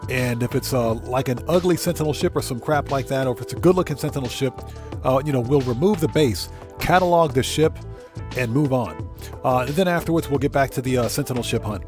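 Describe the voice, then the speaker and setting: A man's voice: medium pitch, brisk, over music. A man hosting a casual gaming livestream, talking loosely and greeting chat viewers by name, at times choked up. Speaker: livestream host.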